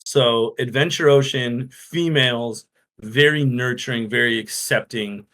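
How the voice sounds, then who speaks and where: A man's voice: medium pitch, a little slow, fairly bright tone. A man co-hosting a casual podcast, a bubbly storyteller who acts out what others said. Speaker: podcast co-host.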